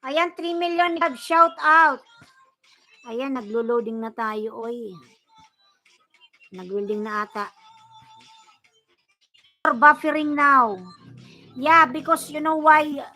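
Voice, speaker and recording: This is a woman with a Filipino accent hosting a live stream, her voice high-pitched and bright. She chats loosely in a blend of English and Tagalog, reading out comments and thanking viewers one by one. Faint music plays underneath. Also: steady tone, slow, pauses often. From Bicol, Philippines. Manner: mixes English and Tagalog, gives chatty shout-outs to viewers. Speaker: livestream host. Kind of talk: casual livestream chat, reading viewer comments.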